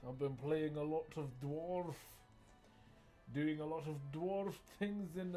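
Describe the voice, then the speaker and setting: A man's voice: on the high side, fairly even intonation, slow, mellow, faint music behind. A man chatting casually to viewers on a live stream while he carves wood, easygoing and talkative. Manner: easygoing, chatty, addresses viewers as guys and bro.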